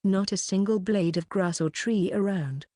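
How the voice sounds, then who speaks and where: A woman with a medium-pitched voice gives an even, measured scripted reading of a web novel audiobook. The recording is dry, with clean studio sound.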